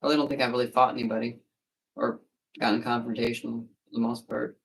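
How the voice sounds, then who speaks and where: A woman's voice: very deep voice, quick pace, distant mic, slight background noise. A woman who eats competitively, chatting casually and telling rambling stories with lots of fillers. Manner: relaxed, rambling storytelling with fillers. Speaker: competitive eater. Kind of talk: casual chat.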